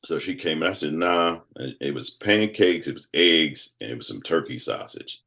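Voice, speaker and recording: Deep deep voiced guy in his 50s telling his story all animated, does little voices for people. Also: moderate pace, gravelly. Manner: animated storyteller who acts out quoted voices. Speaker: guest. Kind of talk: casual storytelling conversation.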